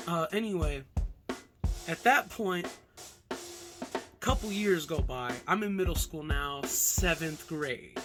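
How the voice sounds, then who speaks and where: A man's voice: fairly high pitch, takes it slowly, pauses often. A young man from Alaska casually telling a rambling childhood story with lots of fillers and swearing. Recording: music playing behind.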